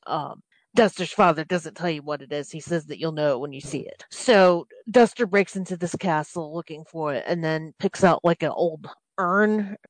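A woman's voice: fairly low pitch, no echo, low-quality recording. A woman casually recapping a video game's story on a podcast, rambling with many restarts and fillers. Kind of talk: casual game plot recap.

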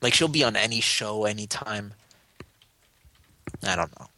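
A man's voice: fairly low pitch, lively intonation, unhurried, pushed and bright, a little hiss or hum. A man co-hosting a casual podcast, rambling with sarcastic asides. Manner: rambling, hesitant, lots of fillers and restarts, sarcastic. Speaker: podcast co-host. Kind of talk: casual chat.

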